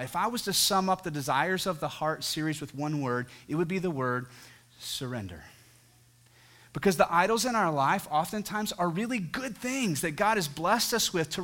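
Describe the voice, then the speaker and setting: Male pastor, thirties, sermon delivery, earnest storyteller, slightly high and bright. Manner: earnest, storytelling with dramatic voiced quotes. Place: church sanctuary.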